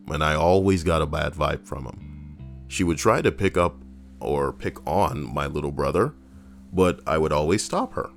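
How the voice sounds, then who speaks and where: A man with a remarkably deep, low voice reads stories aloud on a stream. He stops often for blunt commentary full of swearing, while soft guitar music plays faintly behind him. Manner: blunt, profane asides.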